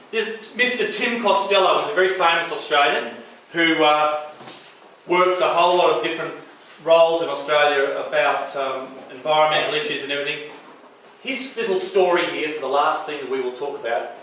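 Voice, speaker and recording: A man giving a public talk in an earnest, somewhat halting way, as a guest speaker. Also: a little high, sharp tone, a little hiss or hum. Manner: earnest, halting lecture delivery. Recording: echoey hall, distant mic.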